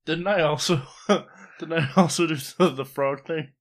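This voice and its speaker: A man's voice: on the high side, a little slow. A man co-hosting a casual podcast, playful and laughing often. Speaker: podcast co-host.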